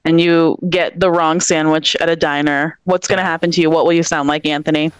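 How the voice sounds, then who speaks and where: A woman's voice: deep voice, level tone, fairly quick, smooth, no echo. Teasing woman co-host, dry close sound. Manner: playful teasing, laughs often. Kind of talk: casual chat.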